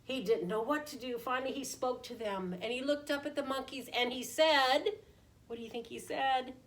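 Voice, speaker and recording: A woman preschool teacher reading a picture book aloud in an animated way, often asking the children questions. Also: sits high, moderate pace. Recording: voice distant from the mic.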